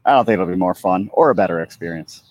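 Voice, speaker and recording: A man's voice: sits low, fast, darkish tone, dry recording. A man co-hosting a podcast in casual chat, throwing in dry, teasing remarks. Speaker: podcast co-host.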